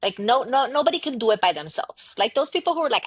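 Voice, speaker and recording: A woman appears as a podcast guest in a casual interview; she's a marketing entrepreneur from the United States and the daughter of immigrants. Her voice is husky, slightly breathy and a little high, and she talks fast and animatedly, acting out quoted dialogue and repeating herself for emphasis. The recording is close and dry, with no echo.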